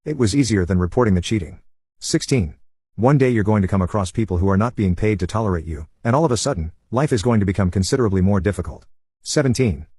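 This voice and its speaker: A man narrating online stories in an even, unhurried reading voice. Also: fairly low pitch, husky, no room sound, studio quality.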